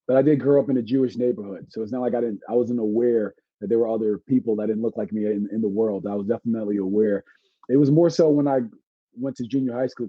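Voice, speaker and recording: A man from Brooklyn, a guest entertainer chatting on a podcast, telling animated stories with jokes and laughs. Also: medium pitch, slightly rough, dry recording. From Brooklyn, New York. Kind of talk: casual podcast chat. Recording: dry, slightly dull lo-fi sound.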